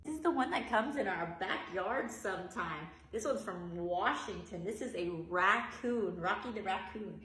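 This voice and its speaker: A woman teacher reading a picture book aloud and giving teaching tips, in an animated sing-song way with exaggerated yawns. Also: medium pitch, moderate pace, hardly any pauses, reverberant. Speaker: early childhood teacher.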